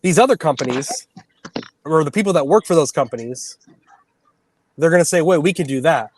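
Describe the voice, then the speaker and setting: A man talking in a casual chat as a guest, halting and restarting often. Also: fairly high pitch, expressive, a little hiss or hum, low-quality recording.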